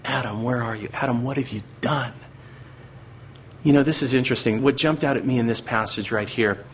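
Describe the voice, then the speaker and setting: A man's voice: lowish voice, fairly bright tone, a little hiss or hum. Earnest male pastor preaching. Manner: earnest, acts out voices of God and Satan. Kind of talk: sermon.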